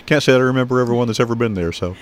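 A man hosting an interview, who talks in a measured, halting way with many fillers and restarts. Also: mid-range voice, a little hiss or hum. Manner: measured, hesitant, full of fillers. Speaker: interview host. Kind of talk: conversational interview.

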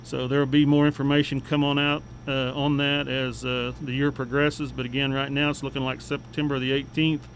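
A man gives city updates on a local radio segment. He talks in a flat, level tone, plain and unhurried with frequent fillers. A faint hum sits under the voice. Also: mid-range voice, rough recording. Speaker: city official giving updates.

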